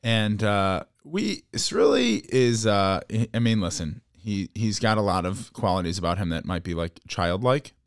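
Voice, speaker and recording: A man with a low voice spins a long, animated story on his podcast, stumbling over restarts and arguing back at his co-host. The sound is close and dry, with no room around it. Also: smooth, no room sound. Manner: animated storyteller, quick restarts and playful bickering. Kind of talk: casual chat.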